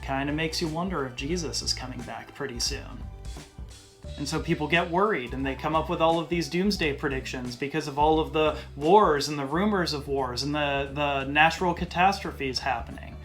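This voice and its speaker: A male podcast host giving a casual Bible teaching in a conversational way, slowing down to stress key phrases. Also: on the high side, a bit bright, faint music behind.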